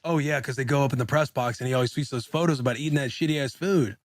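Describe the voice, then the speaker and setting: A man's voice: medium pitch, fast, dry recording, clean studio sound. A man co-hosting a podcast, throwing in teasing quips during casual banter. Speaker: podcast co-host.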